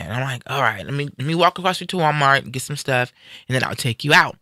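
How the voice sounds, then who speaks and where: A man in a casual live-stream conversation, retelling a personal story in an animated way and acting out what people said. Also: mid-range voice, fast talker, no room sound, studio quality. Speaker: guest sharing a personal story.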